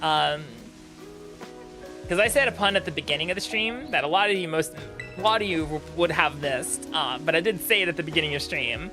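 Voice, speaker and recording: A man's voice: on the high side, expressive, fairly quick, over music. A man chatting casually on a gaming stream, rambling with many fillers and restarts.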